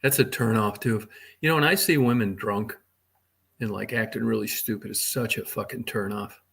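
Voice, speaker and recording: A middle-aged man hosts a casual livestream, crude and rambling, swearing freely and talking to chat viewers by name. His voice is fairly low, husky and fairly bright, with vocal fry, at a normal speed.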